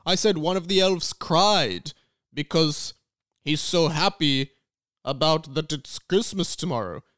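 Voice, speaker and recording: A man's voice: fairly high pitch, a little slow, fairly bright tone, no echo, studio quality. A man doing a smug, callous Santa. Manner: self-satisfied, dismissive, snaps insults. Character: smug, callous old male Santa Claus. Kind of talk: improvised comedy audio sketch.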